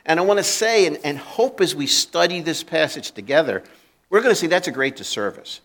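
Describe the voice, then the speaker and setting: Lively, animated male pastor. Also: fairly high pitch, brisk. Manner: conversational, acts out quoted voices, restarts and repeats words. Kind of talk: sermon.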